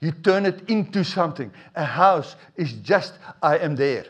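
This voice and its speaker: A middle-aged man, preaching a sermon in a conversational, animated way with asides to the congregation. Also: fairly high pitch, measured pace, breathy edge, lo-fi sound. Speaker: pastor.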